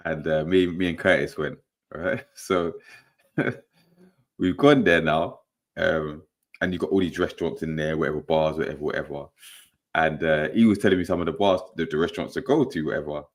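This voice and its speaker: A man's voice: very deep voice, moderate pace. A young man hosting a casual football podcast, telling stories in a laid-back, laughing way. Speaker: podcast host. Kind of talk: casual football chat and storytelling.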